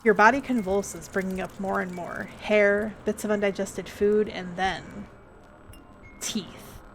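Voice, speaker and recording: A woman's voice: medium pitch, fairly even intonation, slow pace, fairly bright tone, a little hiss or hum. Woman streamer reading horror aloud. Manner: dramatic reading with joking asides to chat.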